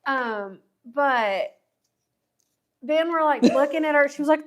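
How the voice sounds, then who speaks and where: Brief: bright high-pitched woman, chatty craft co-host, laughs through her stories. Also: moderate pace. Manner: storytelling, laughs a lot. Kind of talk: casual chat while crafting.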